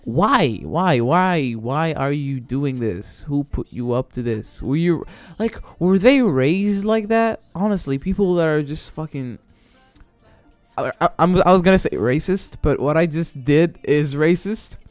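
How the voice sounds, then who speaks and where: A man's voice: fairly high pitch, a little slow, a little mellow, dry recording. A man hosting his own solo podcast, rambling casually and swearing, with many fillers and restarts. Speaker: podcast host. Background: faint background music.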